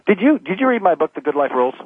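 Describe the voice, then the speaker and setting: Man in his fifties, preachy motivational speaker, husky voice, tinny phone line, dry. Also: high voice, big pitch swings, fast talker, dry recording. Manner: emphatic, preachy motivational delivery. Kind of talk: phone-in radio interview.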